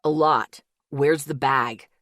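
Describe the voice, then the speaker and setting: Woman voicing a sharp-voiced young man. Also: a bass voice, fairly even intonation, takes it slowly, dry recording, clean studio sound, pitched below the performer's own voice, full character voice. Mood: commanding. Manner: hard, sharp.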